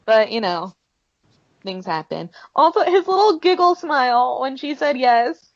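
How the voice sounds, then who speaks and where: A woman's voice: sits high, very animated, a little slow, no echo. Gushing young woman, dull dry sound. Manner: gushing, emotional, acts out scenes. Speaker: podcast co-host. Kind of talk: casual fan chat.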